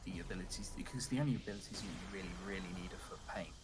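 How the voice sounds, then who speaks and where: A man's voice: low-pitched, very fast. A man giving casual, joking commentary on a game speedrun and explaining its strategy. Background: game music.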